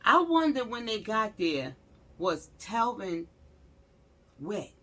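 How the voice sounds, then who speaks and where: A medium-pitched woman speaks slowly as she addresses her viewers in an animated, casual way. Her true-crime commentary is blunt and slangy, with phrases repeated for emphasis.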